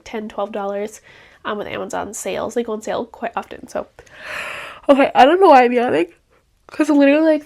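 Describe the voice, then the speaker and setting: Young female vlogger, slightly high voice, casual rambling product chat. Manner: chatty, rambling, with frequent fillers. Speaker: beauty vlogger.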